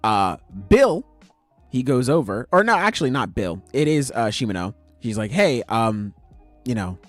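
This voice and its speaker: A man's voice: mid-range voice, sing-song, normal speed, no room sound, soft background music. A man hosting a podcast, animatedly retelling a comic's plot in casual, slangy talk full of swearing. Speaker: podcast host. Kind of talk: casual chat, retelling manga chapters.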